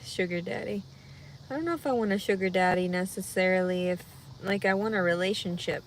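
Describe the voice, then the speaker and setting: A heavily pregnant woman chatting casually with viewers on a livestream, rambling and anxious, her voice jumping into loud high cries when she gets upset. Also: a little fast, a little hiss or hum. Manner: rambling, talks through her worries out loud. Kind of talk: casual live chat.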